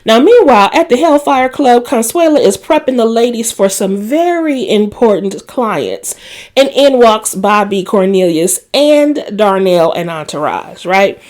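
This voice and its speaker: Woman recap host, slightly high voice, conversational gossip delivery, acts out quotes. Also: animated, unhurried, darkish tone. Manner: chatty storytelling with asides to viewers; laughs and acts out quoted lines. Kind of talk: casual episode recap.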